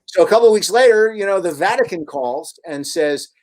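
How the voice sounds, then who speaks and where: A man, a radio host and author, guesting on a radio show and telling long, animated anecdotes with many restarts. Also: sits high, brisk. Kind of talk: storytelling in a radio interview.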